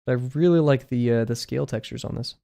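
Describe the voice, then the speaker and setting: A man draws on a live stream while chatting casually, rambling through asides with plenty of filler words. His mid-range voice is fast, creaky and warm.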